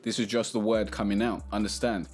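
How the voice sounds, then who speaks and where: A man's voice: lowish voice, brisk. Chatty man giving a rap melody lesson. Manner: relaxed and chatty, sings short melody snippets. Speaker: music tutorial host. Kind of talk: casual tutorial talk to camera.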